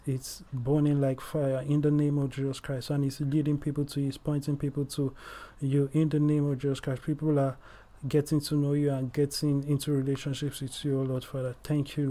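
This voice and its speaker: A man's voice: mid-range voice, mellow. A man hosting a faith-based music review, leading an earnest spoken prayer and calling out "Lord Father" again and again. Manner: earnest, repetitive praying with many "Lord Father" addresses.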